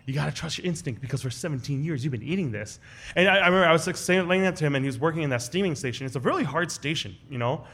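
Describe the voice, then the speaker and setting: A man's voice: rapid-fire, husky. A man telling a personal story in a casual way to a live audience at a restaurant event, slipping into the voices of the people he quotes. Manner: animated, acts out quoted voices with big jumps in pitch. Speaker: guest storyteller on a live podcast show.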